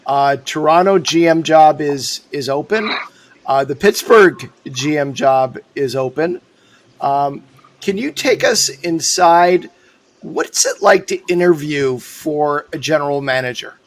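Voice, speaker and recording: Podcast host guy asking questions, kinda high voice, faint hiss behind. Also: slow, poor audio. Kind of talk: casual interview questions.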